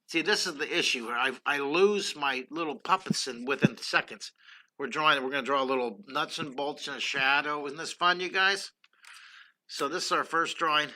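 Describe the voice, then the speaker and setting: A man's voice: fairly high pitch, moderate pace, bright, forceful tone, slight background noise. An older man hosting a casual livestream drawing lesson, chatty and enthusiastic, greeting viewers by name while he draws. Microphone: computer streaming setup.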